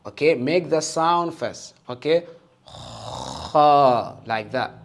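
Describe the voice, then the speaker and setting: A man teaching the Arabic alphabet and Quran reading, patient and encouraging, often checking with "okay?" and sounding out each letter loudly for listeners to repeat. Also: a little high, expressive, a little slow. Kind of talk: slow patient alphabet lesson with call-and-repeat.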